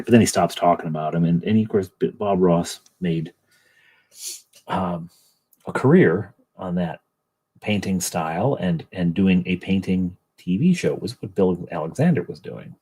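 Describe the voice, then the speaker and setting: A middle-aged man talks casually on a livestream, rambling and joking at his own expense. His voice is deep and a little husky. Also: mellow, rough recording. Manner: rambling, self-deprecating, joking. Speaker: livestream host. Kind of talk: casual chat while painting miniatures.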